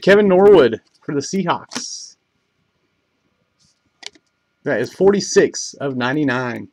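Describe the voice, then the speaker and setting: A man calls out trading card pulls one after another during a live break, his voice sitting slightly high. He moves through the names at a steady clip and sometimes stumbles over one. A faint hiss and soft keyboard clicks sit under the recording. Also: low-quality recording. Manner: rapid list-reading, stumbles over names; bursts of excitement on big pulls.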